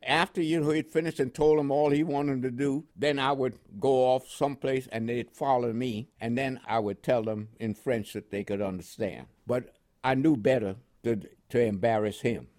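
A man's voice: mid-range voice, fairly even intonation, moderate pace, darkish tone, no echo. An older American man telling his story in an oral history interview, in a chuckling storytelling manner with repeated words. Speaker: interviewee, WWII veteran.

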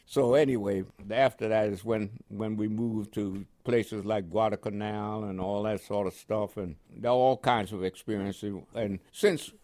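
A man's voice: lowish voice, steady tone, measured pace, hardly any pauses, darkish tone. An older man from the United States, telling long rambling stories in a radio interview, with many fillers. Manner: rambling storytelling with frequent fillers. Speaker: guest.

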